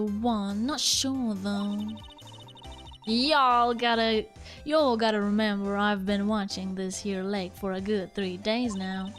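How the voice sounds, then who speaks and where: A woman's voice: medium pitch, lightly acted. A woman voicing a brash, boastful Southern woman photographer, reading game dialogue aloud in a put-on Southern accent. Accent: put-on American Southern. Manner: drawling, boastful.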